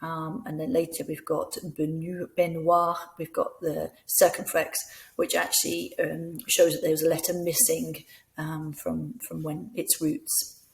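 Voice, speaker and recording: A woman's voice: low voice, little pitch movement, unhurried, gravelly. A middle-aged woman teaches language in a patient, encouraging way, spelling out sounds carefully. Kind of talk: slow, clear classroom instruction.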